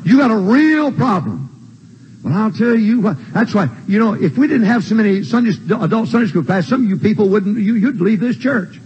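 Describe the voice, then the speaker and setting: High-pitched, emphatic preacher man. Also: brisk, few pauses, slightly rough, highs cut off. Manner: emphatic, repetitive preaching with shouted refrains. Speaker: pastor. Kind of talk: sermon. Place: church sanctuary.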